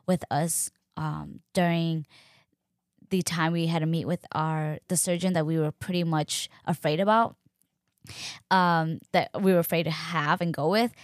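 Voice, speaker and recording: A young woman casually telling her own story, chatty and animated, acting out what others said. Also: unhurried, no echo, clean studio sound. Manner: chatty, animated, acts out quoted voices with pitch jumps. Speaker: podcast host sharing her birth story.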